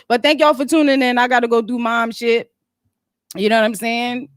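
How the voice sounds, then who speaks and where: Host, woman, high voice, dry close sound, rambling off-the-cuff chat. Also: no echo. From Philadelphia. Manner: rambling, easily sidetracked, animated. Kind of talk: casual livestream chat.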